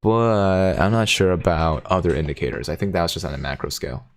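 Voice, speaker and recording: Low-voiced man hosting a casual livestream. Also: brisk. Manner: reads viewer comments aloud, jokey and playful. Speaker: livestream host reading chat.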